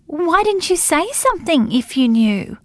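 A woman doing a shaken, hoarse-voiced woman. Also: very animated, dry recording. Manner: hoarse, halting, higher-pitched. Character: shaken, upset woman, halting and tense. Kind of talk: audiobook character voice.

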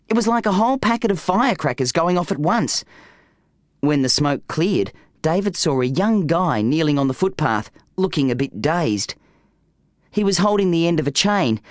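Expressive male audiobook narrator. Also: a little high, no echo, studio quality. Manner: expressive, animated delivery. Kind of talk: scripted storybook narration.

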